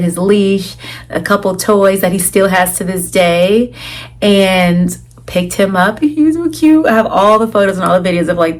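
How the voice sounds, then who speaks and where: A young woman vlogging, telling a personal story in a chatty, animated way, full of "like" and acted-out quotes. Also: fairly low pitch. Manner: chatty, animated retelling with lots of "like" and quoted dialogue. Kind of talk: casual storytelling to camera.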